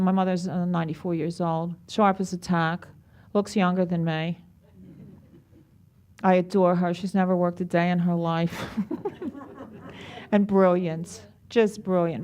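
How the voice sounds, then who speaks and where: A woman's voice: fairly low pitch, measured pace, darkish tone. A middle-aged woman leading a group class on stress, chatty and affectionate, often putting questions to her listeners. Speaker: stress management group leader. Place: group room at a care center.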